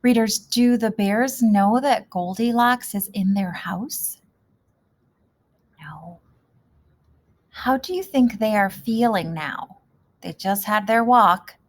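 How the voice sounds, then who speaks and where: A woman teacher talks young readers through a picture book, pausing to ask questions. She speaks slowly and patiently, with an unhurried, middle-pitched voice. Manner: slow, gentle questioning of young listeners. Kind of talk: reading lesson for young children.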